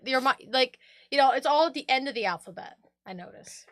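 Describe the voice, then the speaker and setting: A woman's voice: high-pitched, lively intonation, a little fast, fairly bright tone, no room sound, studio quality. A woman co-hosting a radio-style podcast, chatting playfully and laughing often. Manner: giggly, playful banter. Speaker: podcast co-host. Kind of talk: casual chat.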